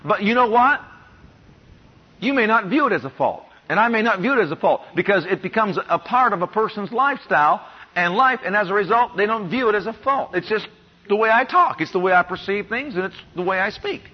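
A man preaching a sermon as pastor, reading scripture slowly and telling stories from his own life. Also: sits high, animated, breathy edge. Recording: muffled lo-fi sermon recording.

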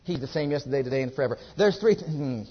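A man preaching a sermon at a church service. He repeats his exhortations emphatically and drops to a hush. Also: medium pitch, expressive, racing, husky, muffled recording.

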